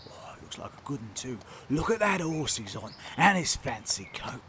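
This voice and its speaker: A man playing a cocky, cheeky highwayman telling his story in a comedy sketch. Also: big pitch swings, normal speed, sharp tone, slight background noise. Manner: boastful, cheeky. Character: cocky roguish male highwayman.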